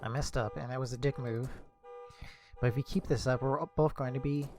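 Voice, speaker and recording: A man's voice: medium pitch, steady tone, fairly quick, a little mellow, faint music behind. A young man streaming, reading a visual novel aloud casually, correcting his slips as he goes.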